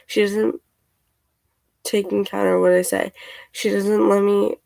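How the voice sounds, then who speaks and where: A woman's voice: mid-range voice, level tone, a little slow, vocal fry, dark tone, dry recording, poor audio. A young woman vlogging from a couch at home, venting in an exasperated rant and retelling texts in a casual way.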